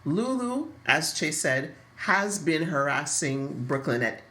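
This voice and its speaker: A woman co-hosting a podcast in casual chat, thoughtful and expressive as she weighs both sides. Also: deep voice, slow. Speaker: podcast co-host.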